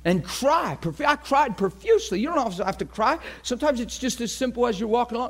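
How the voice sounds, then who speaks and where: A high-pitched man preaching with fervor, rising to loud cries and then dropping to quiet, earnest pleading. He acts out the gasps and voices of the crowd in his story, so the delivery keeps changing in height and force. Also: animated, quick pace, hardly any pauses. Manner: swings from shouting fervor to hushed earnest appeals. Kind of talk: impassioned sermon.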